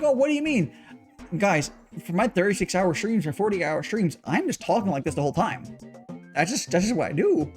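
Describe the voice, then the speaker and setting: A young man chatting casually on a livestream while making tea, rambling with lots of restarts and repeated words. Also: high-pitched. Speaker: streamer.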